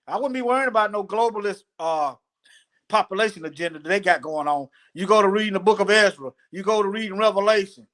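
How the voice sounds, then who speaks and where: A man leading a live scripture study, reading verses aloud slowly and breaking off for casual, plain-spoken commentary. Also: high voice, bright, forceful tone. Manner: slow, deliberate reading broken by casual asides. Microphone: phone.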